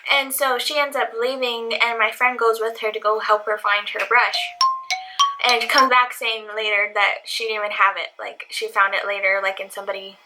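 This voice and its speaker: A woman's voice: on the high side, level tone, moderate pace, heavy background noise. A young woman vlogger telling a casual storytime, chatty and full of "like", recorded at home on a camera mic. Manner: chatty, heavy use of "like".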